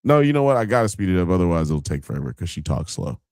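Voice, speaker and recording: Brief: man, very low voice, dry close sound, argumentative podcast host. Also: very animated, rapid-fire, a little mellow, no room sound. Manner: argumentative, swearing, talks over his co-host. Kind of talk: casual heated podcast debate.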